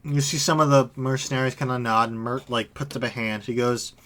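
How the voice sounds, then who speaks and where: A man's voice: medium pitch, fairly even intonation, fairly quick, hardly any pauses, fairly bright tone. A young man narrating as game master in a tabletop game, casual and filler-heavy.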